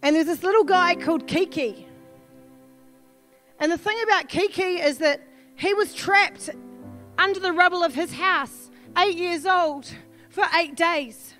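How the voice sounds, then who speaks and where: A woman with a New Zealand accent preaches in a very high voice, earnest and pleading, her delivery rising at times into shouts. Soft music plays faintly beneath her sermon. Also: a little slow. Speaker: pastor.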